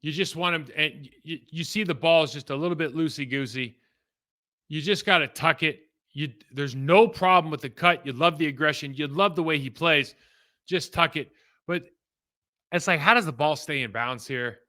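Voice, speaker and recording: A middle-aged man casually breaking down football game film, animated and rambling with frequent asides. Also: a little high, normal speed.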